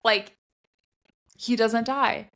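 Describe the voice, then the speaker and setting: A woman's voice: fairly high pitch, fairly even intonation, drawn-out words, fairly bright tone. A woman co-hosting a podcast, talking through theories about a fantasy novel in a casual, thinking-aloud way, full of "like" fillers. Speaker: podcast co-host. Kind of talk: casual book discussion.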